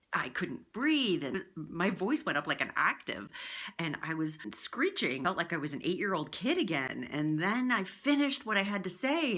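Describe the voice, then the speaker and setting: In a direct-to-camera tips video, a woman coaches viewers on speaking, chatty and demonstrative like a practiced voiceover artist. Her fairly low, slightly bright voice swoops up and down a lot.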